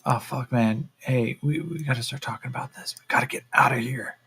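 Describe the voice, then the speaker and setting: A man voicing a blunt, determined captive fighter who talks low and urgently, with a lot of swearing. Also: steady tone, a little slow, a little mellow, husky.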